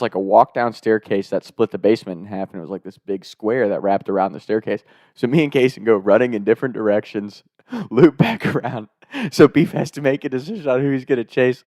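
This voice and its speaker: A young man telling a comedic story casually, animated, laughing often and swearing. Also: medium pitch, dry recording, studio quality.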